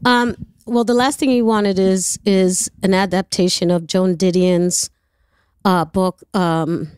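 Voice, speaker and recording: Lively New woman telling stories. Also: medium pitch, slow, clean tone, no echo, clean studio sound. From New York. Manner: animated, lively storyteller who acts out dialogue. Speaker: actress guest. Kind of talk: interview storytelling.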